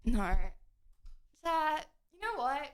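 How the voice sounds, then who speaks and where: A woman's voice: sits high, lively intonation, slow pace. A young English woman with a southern English accent, streaming and chatting casually, giggly and rambling with lots of fillers. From England. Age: young adult. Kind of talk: casual live-stream chat.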